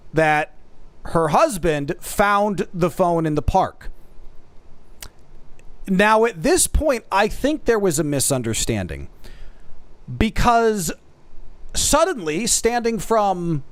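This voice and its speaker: A man's voice: sits high, dry recording. A man streaming, telling a long funny story with laughs, addressing his audience as folks. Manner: talks straight to the audience as folks. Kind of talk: casual storytelling.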